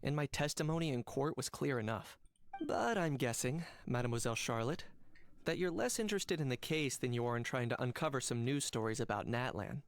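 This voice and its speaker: A calm, composed adult hunter, played by a man for a game. He speaks in a measured, polite, understated way at an ordinary mid pitch. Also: a little hiss or hum, close to an everyday voice. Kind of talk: game voice acting.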